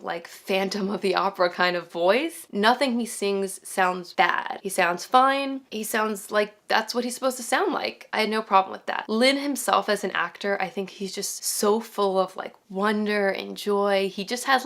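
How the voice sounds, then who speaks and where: A woman's voice: mid-range voice, a bit bright. A woman giving a casual, chatty movie review to her viewers, full of "like" and asides to "guys". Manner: chatty, fillers "like" often, talks to viewers as "guys".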